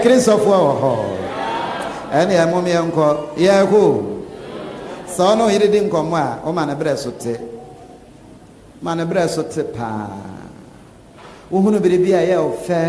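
Animated Ghanaian preacher in echoey hall. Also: male voice, high-pitched, slight background noise. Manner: animated, laughing, acts out quotes. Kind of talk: sermon. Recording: echoey hall with faint ambience.

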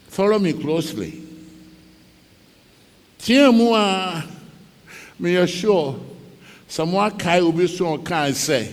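Ghanaian preacher, high and very expressive, unhurried dramatic storyteller, long hall reverb. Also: male voice. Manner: dramatic storytelling, switching between English and Twi, acting out cries. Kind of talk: sermon.

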